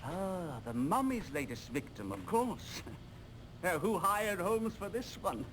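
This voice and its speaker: A joking police surgeon. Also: male voice, sits high, big pitch swings, slow, noisy background, heavily acted. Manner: joking, pleased with his own wit. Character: jovial upper-class male police surgeon. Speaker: video game character.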